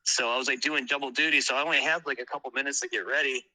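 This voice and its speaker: A man who is a guest musician, telling tour stories in a casual interview, animated and swearing freely. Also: medium pitch, very fast, rough recording.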